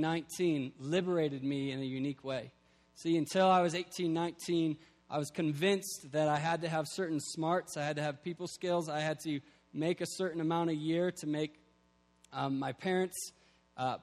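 Earnest young male preacher, reverberant hall. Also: fairly high pitch. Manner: earnest, builds to emphatic peaks. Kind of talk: sermon.

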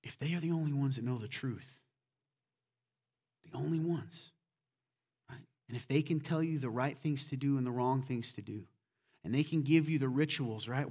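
A man preaching a sermon as pastor, conversational and full of questions to the congregation, swinging between loud emphatic points and quiet asides. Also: mid-range voice, moderate pace, long pauses.

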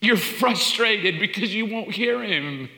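A male pastor preaching in a large hall with long, echoing reverb. His voice sits high and bright, pressing through rising, repeated questions and falling back to near-whispers. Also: lively intonation, takes it slowly. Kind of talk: sermon. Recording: echoey hall.

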